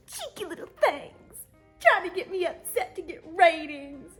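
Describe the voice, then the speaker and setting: A woman's voice: very high-pitched, bright, forceful tone, exaggerated voice. A woman playing a vain, melodramatic jilted rich wife, swinging from prim bragging to shrieking theatrics. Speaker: reality show cast member being interviewed.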